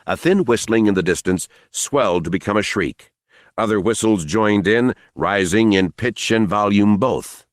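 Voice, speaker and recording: A man reading a novel aloud as audiobook narrator, expressive and dramatic. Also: on the low side, moderate pace, no echo, studio quality.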